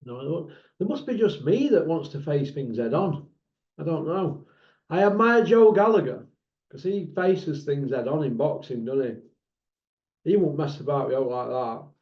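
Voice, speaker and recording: A man's voice: on the high side, lively intonation, a little slow. A man hosting a boxing talk channel, blunt and mocking, asking rhetorical questions in a casual monologue. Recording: echoey room, dull lo-fi sound.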